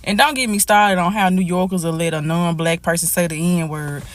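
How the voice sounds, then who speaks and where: A woman's voice: lowish voice, fairly even intonation, normal speed. A Southern woman in a parked car, ranting bluntly with lots of cursing into her phone. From Mississippi, US. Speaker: TikTok poster. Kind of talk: profane ranting monologue.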